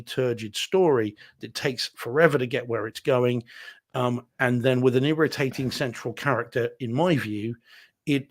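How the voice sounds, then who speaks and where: Candid man reviewing films. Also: medium pitch. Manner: candid, self-deprecating, rambling with restarts. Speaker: podcast co-host reviewing movies. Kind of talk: casual live-stream chat.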